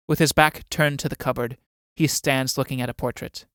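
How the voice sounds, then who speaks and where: A man reads stage directions in a play recording, in an even and measured voice. His pitch sits mid-range. The sound is dry and close, with no room around it. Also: smooth, dry recording. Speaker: audiobook reader.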